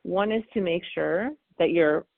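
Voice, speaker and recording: A woman parenting expert answering interview questions, animated and acting out what parents and children say. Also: lowish voice, measured pace, gravelly, no echo. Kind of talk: interview answers, explaining technique. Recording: phone-like dry call audio.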